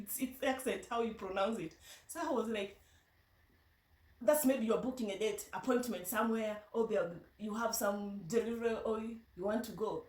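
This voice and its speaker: A woman's voice: medium pitch, darkish tone, recorded from a distance. Luo-accented woman in an echoey room. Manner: chatty storytelling, halting with restarts. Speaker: vlogger. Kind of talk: casual vlog monologue.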